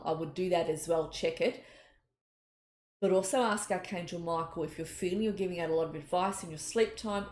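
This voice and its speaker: A middle-aged woman, a psychic giving an earnest, gentle spiritual talk and telling personal stories. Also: on the low side. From Australia. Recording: echoey room, faint noise.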